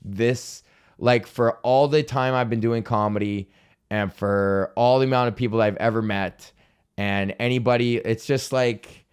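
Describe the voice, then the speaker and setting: A man's voice: mid-range voice, steady tone, a little slow, smooth. A young man hosting a solo comedy podcast, ranting in a profane, rambling, self-deprecating way. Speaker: podcast host.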